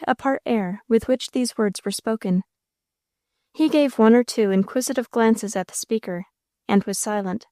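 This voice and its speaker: A woman narrating a classic novel as an audiobook, in a steady, measured way. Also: fairly high pitch, no echo, clean studio sound.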